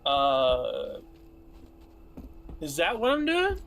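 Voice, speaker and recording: A man's voice: a little high, huge pitch swings, very slow, fairly bright tone, soft background music. A man hosting a casual gaming stream, rambling and laughing often with friends. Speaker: streamer host.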